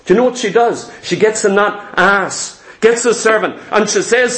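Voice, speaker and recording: A man's voice: sits high, normal speed, few pauses, a bit bright. A man preaching an impassioned sermon, firing rhetorical questions and repeating his phrases for emphasis. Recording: echoey room.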